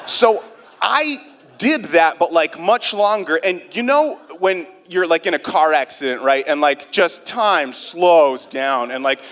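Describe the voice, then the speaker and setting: A young man telling a funny personal story live on stage, casual and self-mocking, full of quick asides. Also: a little high, fairly bright tone. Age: young adult. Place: theater stage before an audience.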